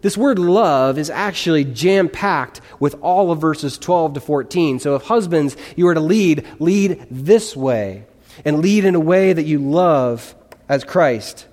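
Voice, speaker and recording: A man's voice: on the high side, expressive, measured pace, darkish tone. A male pastor preaching a sermon in an earnest, conversational way, putting questions to his congregation in a church. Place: church sanctuary. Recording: long reverb of a large hall.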